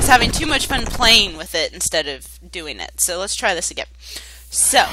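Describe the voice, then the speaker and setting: A woman commenting on a video game as she plays, excitable, yelping and shouting and swearing playfully along the way. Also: medium pitch. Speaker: gaming video host. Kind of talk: let's-play commentary. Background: game music.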